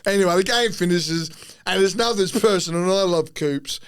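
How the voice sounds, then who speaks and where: A man's voice: high voice, fairly quick, smooth. A man, a former rugby league player, telling rambling, profane stories in a casual podcast chat, often laughing mid-sentence. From Australia.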